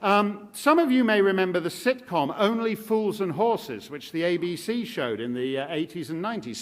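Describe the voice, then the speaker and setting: A man giving a public lecture at a live event, speaking with wry, sardonic humor. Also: a little high.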